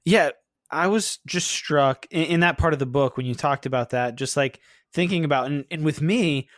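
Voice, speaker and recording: A man hosting a podcast in casual conversation, relaxed and reflective. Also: on the high side, normal speed, dry recording, studio quality. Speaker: podcast host.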